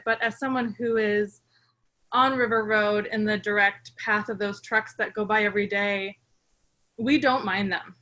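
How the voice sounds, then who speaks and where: A woman giving a measured, polite public comment as a resident, calling in to a town meeting. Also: a little high, bright, forceful tone. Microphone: remote call-in.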